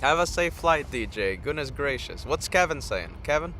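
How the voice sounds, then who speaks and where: A man's voice: on the high side, expressive, moderate pace, pushed and bright, a little hiss or hum. A tired man hosting a live stream outdoors, rambling casually and chatting straight to his viewers. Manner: rambling, chats directly with viewers. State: tired from little sleep.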